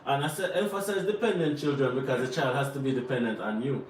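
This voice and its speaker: A man's voice: mid-range voice, quick pace. Earnest Jamaican man in a roomy room. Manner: earnest, advice-giving, repeats himself for emphasis. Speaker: co-host answering viewer questions. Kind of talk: live Q&A chat. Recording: roomy and distant from the mic, faint noise.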